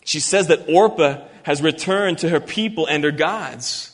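A man preaching an expository sermon, earnest and emphatic, reading scripture slowly. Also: a little high. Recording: long hall reverb.

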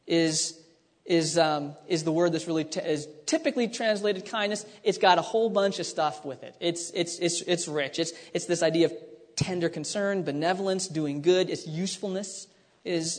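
A man preaching a conversational sermon, teaching with frequent restarts and asides. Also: a little high. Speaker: pastor. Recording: long hall reverb.

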